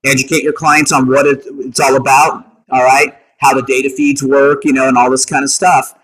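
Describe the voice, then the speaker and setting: A man leading a meeting for real estate agents, coaching them in an energetic way and often checking in with the room. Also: medium pitch, normal speed, rough recording. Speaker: meeting leader at a realty office.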